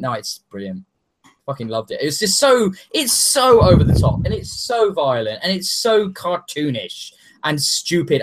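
Swearing, excitable man gushing about games. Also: a little high, a little hiss or hum. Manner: enthusiastic, swears freely, animated. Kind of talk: casual chat.

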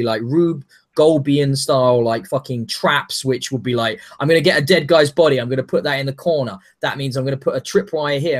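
A man in casual chat, reviewing a game with enthusiasm and frequent swearing. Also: mid-range voice. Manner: enthusiastic, swears freely, animated.

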